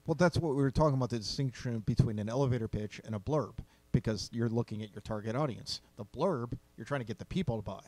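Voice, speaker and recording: A man's voice: mid-range voice, quick pace, few pauses, warm tone, no echo. A man co-hosting a casual writing podcast, dry and level-headed, asking clarifying questions. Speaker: podcast co-host. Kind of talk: casual chat about writing.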